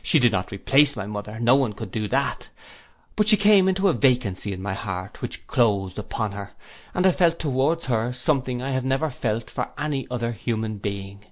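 Male audiobook narrator, mid-pitched, measured and reflective. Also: animated. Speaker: audiobook reader.

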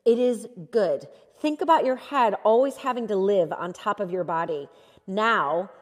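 A young adult woman leading a beginner yoga class, chatty and encouraging as she talks students through each pose. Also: mid-range voice. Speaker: yoga instructor. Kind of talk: guided yoga class instruction. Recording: long hall reverb.

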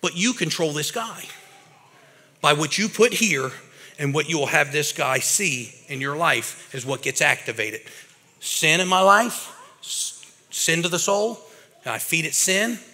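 A man preaching a lively, casual sermon to a live audience, talking like a regular guy and calling people bro and man. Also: a little high, a little slow, breathy edge. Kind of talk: energetic recovery-ministry sermon. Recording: reverberant hall.

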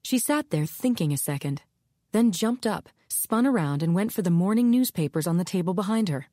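A woman with a lowish voice reads an audiobook in a measured, expressive way. This scripted narration is recorded with studio quality and no room sound.

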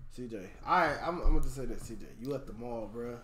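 A man's voice: mid-range voice, fast talker. A man co-hosting a reaction video, joking around and laughing often as he reacts. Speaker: reaction channel co-host. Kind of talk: casual reaction chat. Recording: roomy echo with crowd noise.

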